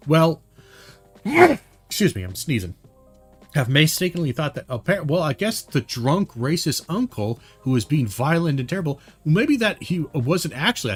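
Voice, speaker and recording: A man's voice: on the high side, breathy edge. A man giving casual, heated commentary on a video, rambling with many fillers and restarts.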